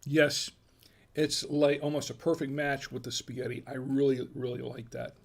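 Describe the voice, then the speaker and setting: A man's voice: medium pitch, flat delivery, moderate pace, vocal fry. An American man hosting a casual wine tasting, chatty and folksy, murmuring as he samples food and wine. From United States. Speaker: wine review host.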